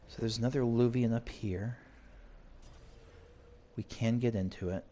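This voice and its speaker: A man's voice: medium pitch, steady tone, unhurried, mellow. A man playing a video game, chatting and thinking aloud as he reads and explores. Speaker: game streamer. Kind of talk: let's play commentary and story reading.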